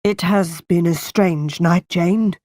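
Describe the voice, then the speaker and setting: A woman voicing a firm, calm middle-aged gentleman in a slowly read storybook. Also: lowish voice, dry recording, studio quality. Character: brooding gentleman of the house, man, middle-aged.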